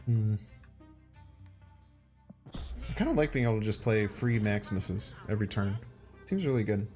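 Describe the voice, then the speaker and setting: A man with a Chicago accent chats through a card game on stream, mulling over his plays and answering his viewers as he goes. His voice rises and falls a lot, with soft game music under it. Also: lowish voice, expressive, normal speed. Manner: chatty, thinks aloud and talks to chat. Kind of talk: casual gaming stream commentary.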